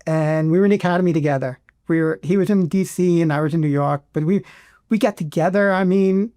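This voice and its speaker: A middle-aged man, a veteran guest in an interview, speaking with emotion and pausing often to restart. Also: a little high, dark tone, no room sound, clean studio sound. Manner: emotional, halting, many restarts.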